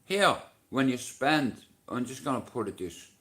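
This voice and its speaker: A man's voice: mid-range voice, sing-song, a little slow. A middle-aged man with a Dublin Irish accent, chatting on his livestream, swearing freely and bantering with viewers. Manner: profane, banters with chat and shouts at commenters. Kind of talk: casual livestream chat.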